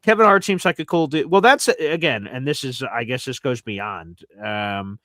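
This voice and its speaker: Casual male host, animated and rambling, dry close mic. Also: mid-range voice, moderate pace, dry recording. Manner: rambling, animated storytelling with fillers. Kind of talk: casual sports chat.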